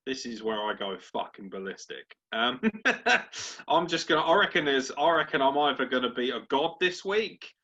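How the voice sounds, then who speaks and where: Male co-host, bright, sharp voice, crude banter, slightly dull lo-fi sound. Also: medium pitch, moderate pace. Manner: crude, swearing, animated banter. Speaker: podcast co-host. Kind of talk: casual sports chat. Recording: dull lo-fi podcast audio.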